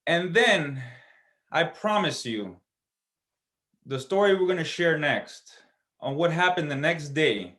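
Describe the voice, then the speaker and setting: A man's voice: on the high side, animated, slow, pauses often, a bit bright. A man speaking as a guest at a church service, walking listeners through a personal story. His voice sits well above the usual male range, and he keeps it conversational and earnest.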